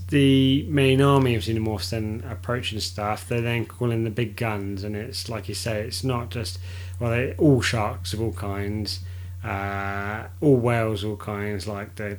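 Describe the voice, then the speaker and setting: A man's voice: on the low side, darkish tone. Laid-back man rambling in chat. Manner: rambling, laughs often, swears casually. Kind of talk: casual podcast chat.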